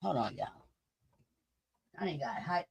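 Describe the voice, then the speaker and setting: A woman hosting a casual live stream, talking straight to her viewers in an excitable, profane way. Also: a bass voice, a little slow, creaky, a little hiss or hum.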